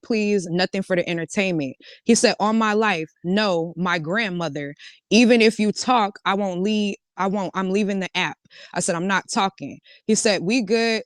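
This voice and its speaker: In clean studio sound with no room noise, a woman's clear, resonant mid-range voice relates a casual storytime. The vlogger recounts a chat back-and-forth line by line, alternating between "he said" and "I said".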